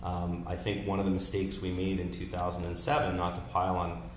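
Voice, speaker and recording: A man in his thirties, a political strategist, telling campaign stories in casual, animated talk with many restarts. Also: low voice, fairly quick. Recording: echoey room with faint noise.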